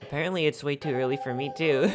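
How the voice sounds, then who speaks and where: A man's voice: fairly high pitch, fast talker. A man streaming a video game, chatting casually with viewers in a rambling, goofy way, sleepy and a little sniffly. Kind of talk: casual live-stream chat. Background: background music.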